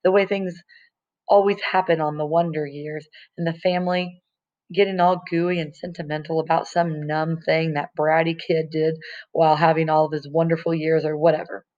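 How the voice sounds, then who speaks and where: A woman's voice: sits low, level tone, normal speed. A woman reading a novel chapter aloud in a casual, conversational way, in a dull lo-fi recording. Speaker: audiobook reader.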